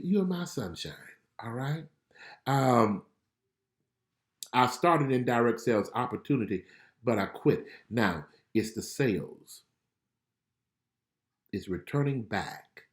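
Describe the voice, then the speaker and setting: A middle-aged man speaks as a spiritual life coach on a livestream, his voice rising and falling with lively pitch. He enunciates carefully and talks gently and personally to viewers. The sound is picked up in an echoey room. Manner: gentle, conversational, reads viewer comments aloud; enunciates clearly, former radio announcer. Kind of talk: live online prayer and prophetic encouragement.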